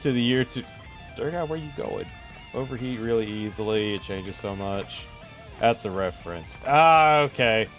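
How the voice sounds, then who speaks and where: A man's voice: mid-range voice, lively intonation, normal speed, a bit bright, soft background music. A man hosting a casual gaming stream, playful and teasing as he chats with viewers while playing. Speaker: streamer host.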